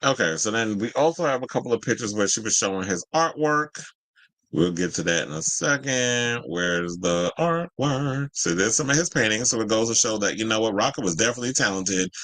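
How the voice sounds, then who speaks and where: A man's voice: lowish voice, animated, brisk, fairly bright tone, no room sound, low-quality recording. A man hosting casual celebrity gossip commentary, sassy and chatty, full of asides to his viewers. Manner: sassy and chatty, says "child" and "y'all". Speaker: host.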